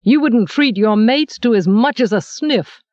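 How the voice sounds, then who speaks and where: A woman reads a gruff, teasing baker journeyman, a middle-aged man who is blunt and mock-stern with his customers. The delivery is slow and unhurried, dry and close-miked on a dull, lo-fi recording. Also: fairly high pitch, expressive, darkish tone, dry recording.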